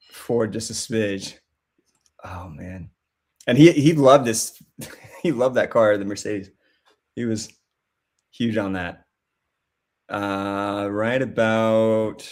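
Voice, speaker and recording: A man's voice: fairly low pitch, slow pace, pauses often. A man, an actor and guest on a podcast, telling a casual anecdote and acting out the voices of the people he quotes. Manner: lively storyteller, acts out quoted voices.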